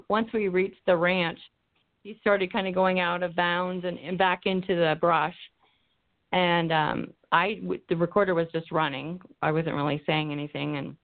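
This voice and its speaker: A woman's voice: fairly low pitch, creaky. A woman investigator telling a story in an interview, rambling with many ums and restarts, sometimes drifting off the mic. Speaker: paranormal investigator guest. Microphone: phone or call-in line, drifting from the mic. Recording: tinny phone line.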